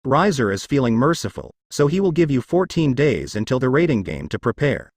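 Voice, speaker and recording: A man's voice: mid-range voice, sing-song, brisk, darkish tone, dry recording, studio quality. A man reading a fan fiction story aloud, voicing both narration and dialogue in one voice. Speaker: fanfiction reader.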